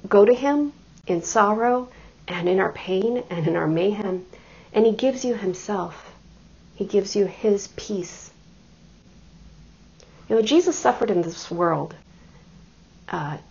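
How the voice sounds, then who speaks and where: Preaching a sermon, a middle-aged woman shares personal stories full of self-deprecating humor and laughter before she turns to scripture. Her storytelling is warm, her mid-range voice slightly rough, and the audio dull.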